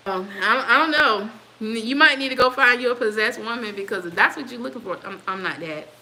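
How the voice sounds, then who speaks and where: Fifty-something woman on a livestream, bright voice, laughing a lot, answering chat. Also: a little high, fairly quick, low-quality recording. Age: 50s. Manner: laughs often, talks back to commenters. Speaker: livestream host reading viewer comments. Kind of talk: casual chat.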